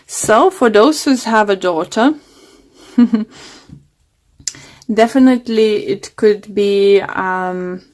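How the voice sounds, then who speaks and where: A woman's voice: medium pitch, darkish tone. Woman tarot reader losing her voice. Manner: hesitant, many fillers and restarts. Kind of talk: casual tarot reading monologue.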